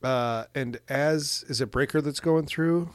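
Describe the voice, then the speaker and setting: A man's voice: medium pitch, measured pace, clean tone, dry recording. A man co-hosting a podcast, casually recapping a movie with crude jokes and frequent laughter. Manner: laughs often, animated retelling with crude jokes. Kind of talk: casual chat.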